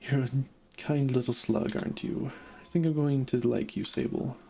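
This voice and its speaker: A man reading the lines of a gentle, cooing, motherly female creature queen in a game. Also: medium pitch, fairly even intonation, normal speed, gravelly, a little hiss or hum, lightly acted.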